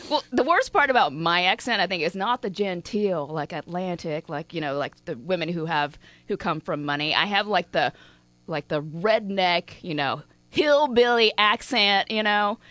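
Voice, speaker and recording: A woman's voice: fairly low pitch, normal speed, no room sound. A woman from Alabama with a Southern accent, a news anchor chatting as a podcast guest, telling stories with frequent giggles. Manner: giggly, animated storyteller. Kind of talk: casual podcast chat.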